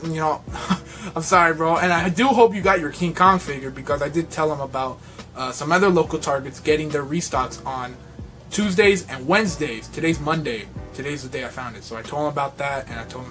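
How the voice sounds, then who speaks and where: A young man vlogging about toy collecting, telling a rambling, excitable story and laughing often. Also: a little high, brisk, faint music behind. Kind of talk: casual vlog storytelling.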